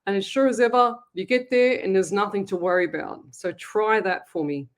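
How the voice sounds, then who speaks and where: A woman's voice: mid-range voice, brisk. Chatty Australian woman psychic host. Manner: chatty, storytelling, animated. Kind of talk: live call-in psychic show.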